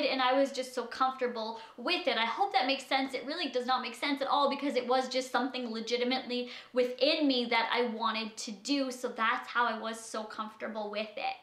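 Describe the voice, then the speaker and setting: A woman's voice: a little high, sharp tone, echoey room. A woman vlogger talking in an anxious, rambling way, short of breath and full of "like". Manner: anxious, rambling, heavy use of "like". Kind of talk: confessional vlog talk.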